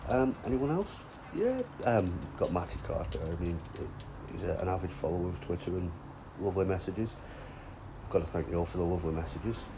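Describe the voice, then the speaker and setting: A man's voice: sits low, lively intonation, fairly quick, background noise. A man chatting casually outdoors by a fishing lake, with sweary, teasing banter. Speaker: angler and vlog host. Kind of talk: casual chat.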